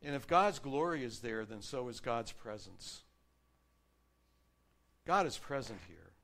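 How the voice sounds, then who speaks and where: A man preaching a sermon, earnestly reading and explaining scripture, varying his loudness for emphasis. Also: medium pitch, expressive, unhurried.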